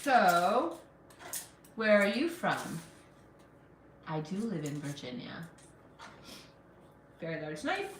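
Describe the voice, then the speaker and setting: A woman's voice: lowish voice, big pitch swings, slow, long pauses, distant mic, heavy background noise. A woman from Afghanistan hosting a casual cooking live stream in her kitchen. She chats along and reads out and answers viewer comments. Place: home kitchen. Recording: roomy kitchen sound, mic set back.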